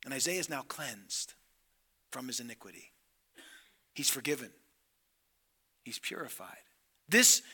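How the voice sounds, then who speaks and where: A man preaching a sermon to a men's gathering, moving between hushed, drawn-out lines and loud, emphatic passages as he acts out scripture dialogue. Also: high-pitched, breathy edge.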